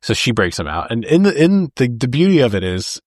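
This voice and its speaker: A man's voice: mid-range voice, very animated, brisk, a little mellow, no room sound, clean studio sound. A man co-hosting a podcast, retelling movie scenes in casual chat and acting out the lines with laughs. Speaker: podcast co-host. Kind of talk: casual film discussion.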